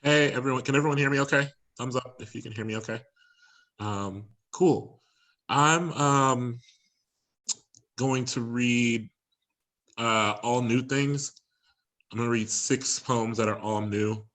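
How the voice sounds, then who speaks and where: A man from Ohio, a poet, casually introducing his reading in a relaxed, halting way. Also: medium pitch, poor audio. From Columbus, Ohio, USA.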